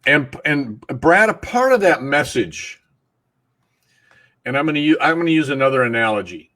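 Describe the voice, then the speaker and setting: A man's voice: fairly high pitch, very animated, normal speed, sharp tone. A man co-hosting a talk show, making blunt points with everyday analogies. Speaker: co-host. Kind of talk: casual talk show discussion.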